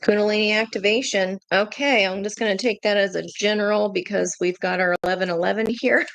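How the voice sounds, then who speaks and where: A woman giving a casual tarot reading to her viewers, chatty and excitable, breaking into gushing exclamations. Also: mid-range voice, brisk, creaky, few pauses, no room sound. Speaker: tarot reader.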